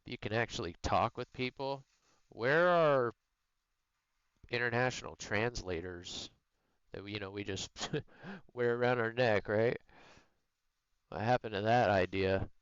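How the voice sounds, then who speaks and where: Smooth-voiced man rambling on stream. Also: lowish voice, measured pace, pauses often, no echo, lo-fi sound. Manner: rambling, joking and teasing with viewers. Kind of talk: casual chat while gaming.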